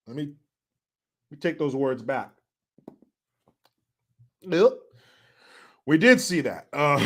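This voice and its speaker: A man delivering a profane political commentary rant, his voice sitting fairly high for a man. He mocks his targets and laughs often between jabs. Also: expressive, unhurried, long pauses, fairly bright tone. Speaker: show host.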